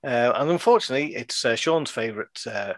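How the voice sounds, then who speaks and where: A man's voice: medium pitch, lively intonation, a little fast, no echo. Jokey British male podcast host. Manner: rambling and jokey, laughs often. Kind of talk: casual chat.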